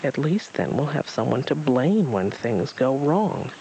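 A man's voice: mid-range voice, big pitch swings, measured pace, creaky, dark tone, slight background noise, low-quality recording. A man voicing a fussy, snappish rabbit in a storybook reading, speaking curtly. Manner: curt and snappish.

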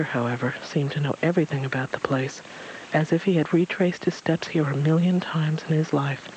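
Guy reading a kids story, soft and even, slightly high, faint hiss. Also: dull audio.

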